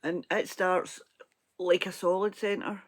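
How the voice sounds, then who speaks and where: Hoarse, chatty Scottish woman. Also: fairly low pitch, fairly even intonation, slow pace. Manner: rambling, chatty, laughs often. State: hoarse, froggy throat. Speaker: crochet vlogger. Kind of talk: casual crafting chat.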